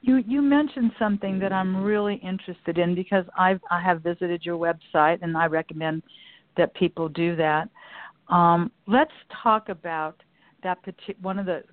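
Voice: mid-range voice, normal speed, no echo. An interviewer asking a guest about their programs in a curious, chatty way. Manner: inquisitive, chatty. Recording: tinny phone line.

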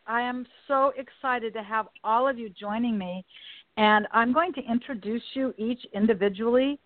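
A woman's voice: medium pitch, dry recording. Enthusiastic woman hosting over a phone line. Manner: enthusiastic, effusive. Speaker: radio show host. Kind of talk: talk radio interview. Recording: dry phone-line sound with faint music.

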